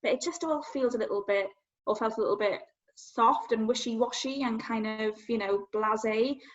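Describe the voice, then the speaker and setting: A woman guest telling her personal story in an earnest, halting, self-searching way. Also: a little high. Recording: dull lo-fi sound.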